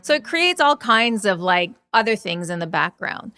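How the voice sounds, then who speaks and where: A middle-aged woman, a relationship coach, chatting casually on a podcast and retelling stories with lively quoted dialogue. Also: mid-range voice, moderate pace. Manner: storytelling, animated retellings of dialogue.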